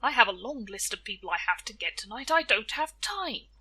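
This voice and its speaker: A woman voicing Death, a tall thin male spirit, weary and impatient, speaking slowly and measuredly in a storytelling podcast. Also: a little high, sing-song, bright, forceful tone, slightly rough, dry recording, heavily acted.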